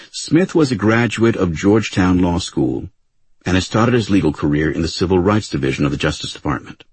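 A man narrating an audiobook in an even, unhurried storytelling manner. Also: deep voice, husky, no echo. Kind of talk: scripted narration. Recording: dry close studio sound.

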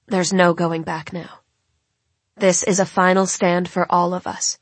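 Female audiobook narrator, husky and breathy, dry close sound. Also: fairly low pitch, little pitch movement, no room sound. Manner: measured, dramatic storytelling. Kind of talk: first-person novel narration.

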